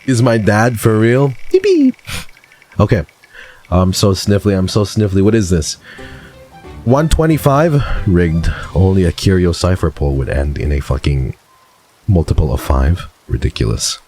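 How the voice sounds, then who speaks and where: A man's voice: low voice, normal speed, mellow, faint music behind. A man streaming, chatting casually and reading viewer submissions aloud in a playful, dramatic way, swearing now and then.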